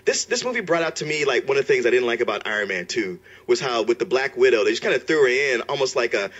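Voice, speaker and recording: A man's voice: medium pitch, expressive, fast talker, a bit bright. A man in casual movie review chat, joking and teasing his co-hosts. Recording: muffled lo-fi recording.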